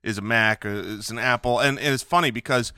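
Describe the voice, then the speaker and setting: A man's voice: mid-range voice, fairly quick, smooth, no room sound, clean studio sound. A man co-hosting a podcast, chatting casually and ranting in a joking way. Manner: animated, joking rants with laughs. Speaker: podcast co-host. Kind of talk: casual chat.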